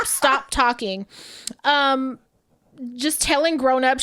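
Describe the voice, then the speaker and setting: A fairly high-pitched woman telling a story on a casual podcast. She is animated and curses freely. She acts out the lines of the people in her story. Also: measured pace, clear, resonant tone. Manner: animated, profane storytelling with acted-out quotes. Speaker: podcast co-host.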